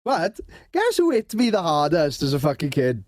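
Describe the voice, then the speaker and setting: A man's voice: a little high, wildly swooping pitch, normal speed, a little mellow, no echo. A man co-hosting a podcast, tossing in dry wisecracks, swearing and laughing a lot. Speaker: podcast co-host. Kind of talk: casual banter.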